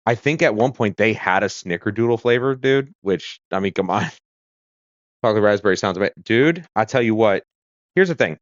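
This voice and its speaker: An expressive American livestream host speaks at normal speed in his low voice, rambling with fillers and self-corrections from a home room with a kitchen corner. The audio has no room sound and is dry and a little dull, like a home streaming setup.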